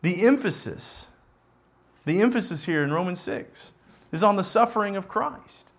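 A man's voice: high voice, animated, normal speed. A man preaching a sermon, earnest and repetitive for emphasis as he reads scripture aloud.

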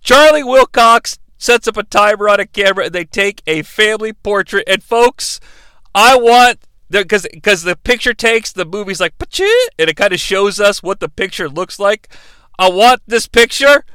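A man with a high, bright voice recaps a movie in a lively, joking way. His tone is smooth and crisp, and the recording is dry and close with no room sound. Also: moderate pace, dry recording. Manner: animated, joking, breaks into impressions. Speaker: movie reviewer. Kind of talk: comedic movie recap commentary.

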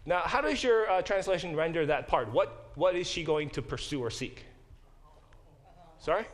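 Guy teaching a church bible class, kinda high voice, talks casual, keeps checking w the class. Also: animated, normal speed. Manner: conversational, asks the class questions, many restarts.

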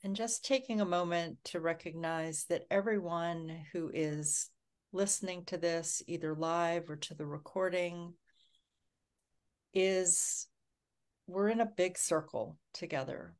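A woman co-hosting a livestream, talking softly and calmly as she guides a grounding meditation. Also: on the low side. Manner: slow, soft-spoken, calming. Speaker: co-host.

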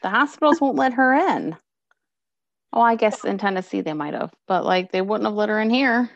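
Woman in her thirties, podcast co-host, lively swooping voice, profane and fired-up, dry slightly dull recording. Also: mid-range voice, moderate pace, vocal fry, dry recording. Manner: animated, profane, fired-up ranting. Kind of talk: casual chat.

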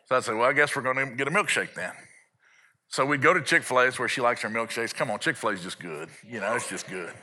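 Pastor guy preaching, super bright ringing voice, jokey storytelling, talks to the crowd. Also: mid-range voice, animated, brisk. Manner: storytelling with playful asides and call-outs to the congregation. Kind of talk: sermon.

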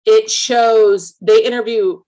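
A woman's voice: a little high, steady tone, slow, a little mellow. A woman co-hosting a podcast, talking bluntly and opinionatedly, swearing freely. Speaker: podcast co-host. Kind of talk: casual chat.

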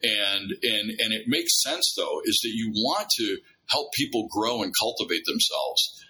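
A man's voice: on the low side, unhurried, rough recording. A middle-aged man telling stories in a casual conversation, acting out dialogue with many restarts. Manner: animated storyteller, acts out dialogue, many restarts. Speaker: guest.

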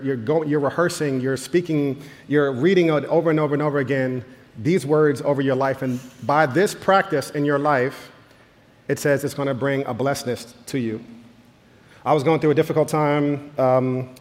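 A man in his thirties, a pastor preaching a sermon, earnest and slowing down when reading scripture, then rising to emphatic peaks. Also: medium pitch. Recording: long reverb of a hall.

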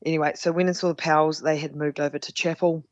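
This podcast guest speaks fast in a low, level voice, and the recording is muffled but free of echo. She's telling a story casually, being frank and self-mocking while performing other people's lines.

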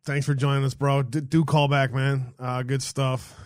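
A man's voice: medium pitch, level tone, moderate pace, darkish tone, dry recording, studio quality. A man hosting a call-in show in loose, profane casual chat, laughing often.

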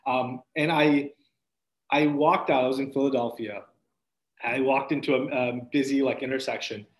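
A man, a podcast guest, earnestly telling his personal faith testimony as a story, with restarts and soft laughs. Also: medium pitch, fairly even intonation, moderate pace. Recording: roomy echo.

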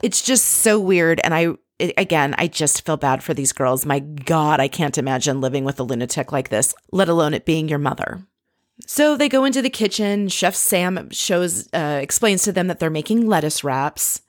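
Woman, low voice, casual recap, sarcastic, exasperated, dry sound. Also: expressive, normal speed, no echo. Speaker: reality TV recapper. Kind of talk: casual commentary.

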